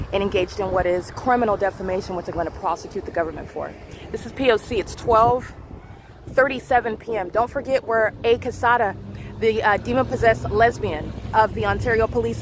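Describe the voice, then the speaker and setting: A woman's voice: on the high side, a little hiss or hum. A woman vlogger talking into her phone outdoors by a parking lot, in an accusatory, insistent and repetitive monologue. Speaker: vlogger documenting her surroundings. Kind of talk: rapid recorded monologue addressed to the camera.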